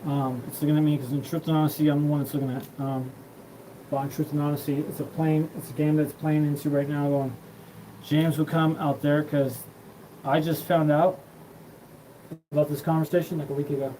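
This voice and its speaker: A man's voice: on the high side, level tone, brisk, dark tone, slight background noise, rough recording. A man hosting his own show, talking in a rambling, profane monologue that jumps from topic to topic. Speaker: show host.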